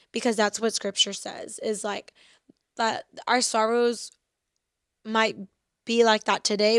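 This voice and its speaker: Earnest woman, faith talk, slightly high voice, dry close sound. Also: fairly bright tone, smooth, no room sound. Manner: earnest, reflective, reads verses slowly. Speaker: faith podcast host. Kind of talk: personal faith talk with scripture reading.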